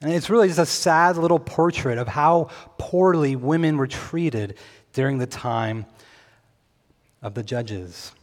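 A man's voice: on the high side, a little slow. A man preaching a sermon, conversational and given to jokes with his congregation. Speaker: pastor. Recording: long reverb, hall.

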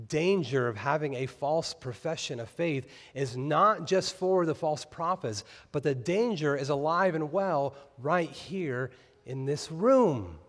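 A man's voice: fairly high pitch, big-room sound. A man preaching a sermon as pastor, earnest and building to emphatic peaks on key phrases. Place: church sanctuary.

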